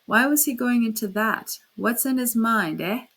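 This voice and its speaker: A woman's voice: on the high side, unhurried, a bit bright. A woman voicing a pushy male bystander in a long coat who cuts in abruptly and insists. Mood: insistent.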